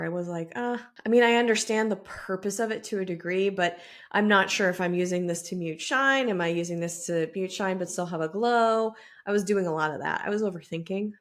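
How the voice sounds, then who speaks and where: A woman beauty vlogger chatting casually to camera while she applies makeup, self-deprecating and talkative. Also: medium pitch. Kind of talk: casual makeup tutorial chat. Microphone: camera mic with mirror some distance off.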